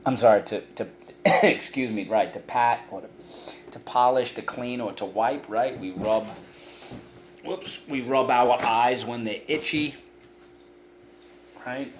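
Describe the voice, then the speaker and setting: A middle-aged man walks children through a spelling and vocabulary lesson, piling up examples to explain each word. His voice sits at an ordinary middle pitch. A faint hiss of background noise runs under the recording. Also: takes it slowly, long pauses. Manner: patient, explains words with many examples and restarts. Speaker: teacher.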